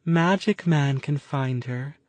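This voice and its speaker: A woman's voice: deep voice, slow, a little mellow, no echo, pitched above the performer's own voice. A male narrator voicing a delusional, frightened young woman who talks in a sing-song way.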